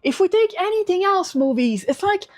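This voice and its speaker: A young woman hosting a livestream, chatting casually in animated, swearing rants full of restarts. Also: on the high side, moderate pace. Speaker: livestream host.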